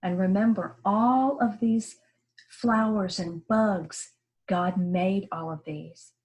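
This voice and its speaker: This woman speaks as a classroom teacher recording a reading lesson. Her delivery is unhurried and patient, with every word pronounced carefully and repeated for small learners. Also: mid-range voice, darkish tone. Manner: slow, careful, sounding words out clearly. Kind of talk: early-grade reading lesson.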